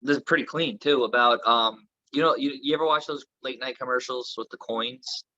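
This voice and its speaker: A man's voice: medium pitch, fairly quick, pushed and bright, no echo, highs cut off. A man from Florida, a comedian guest chatting casually in a podcast interview, rambling with lots of filler words. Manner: rambling, filler-heavy talk.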